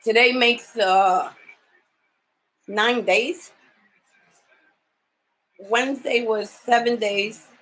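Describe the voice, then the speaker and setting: A woman with a fairly high voice records a casual video diary about her caregiving job. She sounds tired from too little sleep. She talks bluntly and swears freely as she vents. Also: fairly even intonation, very slow, pauses often, a bit bright, low-quality recording. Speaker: home caregiver.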